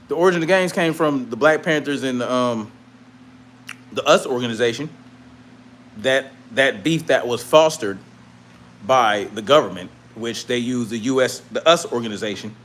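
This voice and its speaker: A man's voice: medium pitch, a bit bright. A man hosting a livestream, telling a story in a casual, profane, rambling way with many restarts. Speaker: livestream host.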